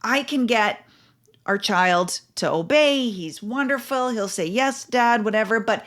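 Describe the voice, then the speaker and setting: A middle-aged woman talks parents through their problems as a podcast host. Her voice sits in a mid-range pitch. She explains through stories and simple numbered steps. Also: lively intonation, measured pace, fairly bright tone. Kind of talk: casual advice monologue.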